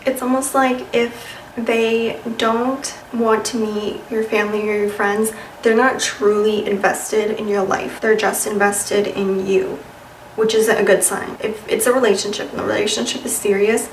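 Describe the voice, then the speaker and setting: A woman's voice: medium pitch, flat delivery, measured pace, distant mic, slight background noise. A young woman giving casual dating advice to camera, sassy and chatty, with lots of "like" and "you know". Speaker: vlogger. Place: room with a white wall. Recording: echoey room, voice a bit off-mic.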